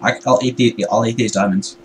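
A man playing a game alongside a friend and ribbing him with dry jokes. His voice sits at a middling pitch, and he chuckles between lines. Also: fairly even intonation, a little fast, slight background noise, poor audio. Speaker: gaming livestream co-host. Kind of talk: casual gameplay chat.

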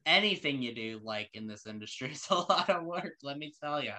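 A man's voice: a little high, expressive, fairly quick, bright, forceful tone. A man hosting an interview show, asking questions casually with lots of fillers and loose, rambling answers. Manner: rambling, many fillers, friendly.

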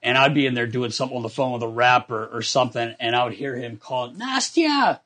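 A man hosting a podcast, a former hockey player who tells locker-room stories in an animated way and often laughs as he talks. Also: mid-range voice, quick pace. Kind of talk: casual storytelling chat.

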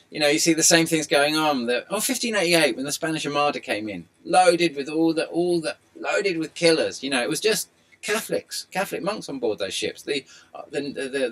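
A middle-aged man with an excitable, rambling delivery, talking to his video subscribers. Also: medium pitch. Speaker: video blogger. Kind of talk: rambling monologue.

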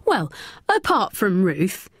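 A woman's voice: mid-range voice, wildly swooping pitch, slow, husky, no room sound, studio quality, heavily acted. A woman voicing a friendly, chatty older woman on holiday.

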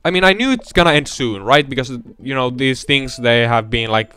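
A young man giving casual let's-play commentary, rambling between mumbled asides and loud excited outbursts. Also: medium pitch, moderate pace, smooth.

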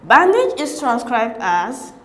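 High-voiced woman tutor, echoey room. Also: huge pitch swings, takes it slowly, fairly bright tone. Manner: methodical, reads options one by one. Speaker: exam tutor. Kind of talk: explaining exam questions.

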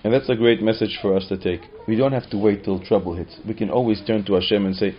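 A man's voice: on the low side, steady tone, quick pace, few pauses. A man teaching as a rabbi, telling a story dramatically with repeated phrases. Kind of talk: storytelling lesson. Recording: dull muffled recording.

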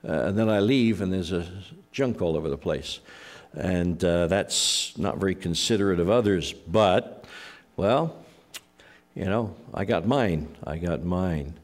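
A middle-aged man preaching a conversational sermon as a pastor, telling anecdotes in a halting way with frequent pauses. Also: sits low, expressive.

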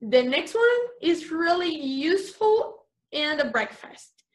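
A woman teaching English vocabulary to young children over a video call, spelling words slowly and switching into to explain. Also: high-pitched, sing-song. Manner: slow, exaggerated spelling and repetition, switching to Spanish explanations. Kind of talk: online class for young children.

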